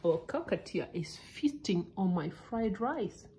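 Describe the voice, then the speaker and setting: A woman's voice: expressive, measured pace, dark tone, a little hiss or hum, rough recording. A woman filming her pets at home and chatting casually with her family and the cockatiel. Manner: chatty, talks to the bird in a high sing-song. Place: home kitchen.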